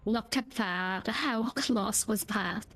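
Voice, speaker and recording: A woman's voice: on the high side, slow pace, fairly bright tone. A woman streaming a driving game, chatting in a cheeky, jokey, rambling way. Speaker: gaming streamer. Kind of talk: casual gameplay chat.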